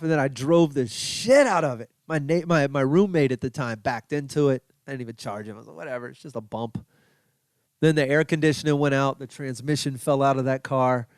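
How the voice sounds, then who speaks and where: A middle-aged man, a comedian hosting his own podcast, rambling through a self-deprecating story and acting out his own past yelling. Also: medium pitch, no echo, studio quality. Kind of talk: casual storytelling monologue.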